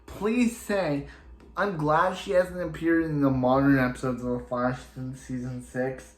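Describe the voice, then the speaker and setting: A man's mid-range, steady voice moves at a moderate pace in a reverberant space, with faint music behind him. He gives a chatty, rambling recap and review of a TV episode, full of restarts and "he's like," and he's plainly opinionated and exasperated about a character.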